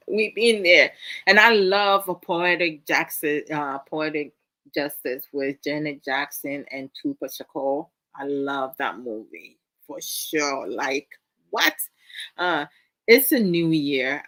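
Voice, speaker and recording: A woman's voice: fairly low pitch, fairly bright tone. A woman with a Ghanaian accent hosting a casual live-stream chat, playful and chatty, reading out viewer comments and mixing in Twi phrases. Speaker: host.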